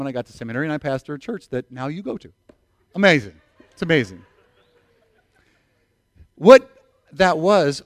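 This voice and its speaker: A man's voice: a little high, no room sound, studio quality. A middle-aged man preaching a sermon as a pastor, telling stories animatedly and acting out the quotes, often restarting and repeating words. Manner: animated storytelling with acted-out quotes.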